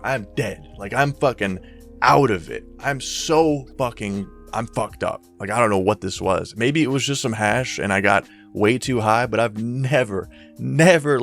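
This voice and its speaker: A young man telling a story in a casual, rambling way, full of slang and swearing. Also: lowish voice. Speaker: YouTuber storyteller.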